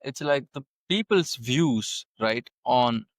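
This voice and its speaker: A man's voice: medium pitch, animated, takes it slowly, no room sound. Hesitant man hosting, dry sound. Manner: hesitant, searching for words, many fillers. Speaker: podcast host. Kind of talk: conversational interview.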